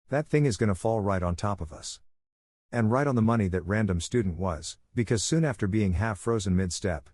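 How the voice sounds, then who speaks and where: Casting: male audiobook narrator, low voice, steady reading, dry close-miked sound. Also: no echo. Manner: steady storytelling.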